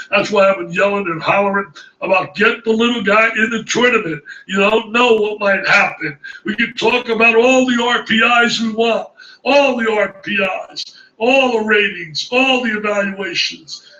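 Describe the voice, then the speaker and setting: A man's voice: high voice, fairly even intonation, moderate pace, bright, forceful tone, roomy sound, far from the mic, muffled recording. A man reacting as a college basketball analyst, exclaiming emphatically and repeating his phrases in disbelief. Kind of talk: excited studio reaction commentary.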